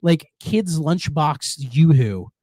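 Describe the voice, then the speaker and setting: A man's voice: a little high, takes it slowly, no echo. A man co-hosting a podcast in a casual chat, telling stories with lots of laughter. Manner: laughs often, animated storytelling. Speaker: podcast co-host.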